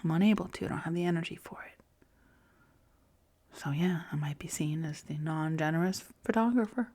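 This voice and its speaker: A woman in her forties hosting a reflective self-help podcast, talking softly and often in a whisper, soothing herself. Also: fairly low pitch, steady tone, moderate pace, pauses often. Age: 40s. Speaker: podcast host.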